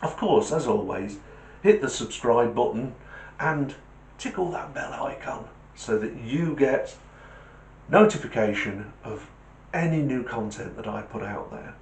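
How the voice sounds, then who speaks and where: A man's voice: mid-range voice, lively intonation, a little slow. A man hosting his own channel, talking casually to camera and telling a joke. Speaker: channel host. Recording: echoey room.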